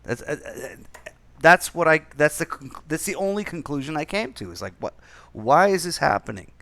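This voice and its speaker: A man's voice: fairly high pitch, animated, moderate pace, creaky, sharp tone. A man from Canada in casual chat, rambling and swearing with many restarts.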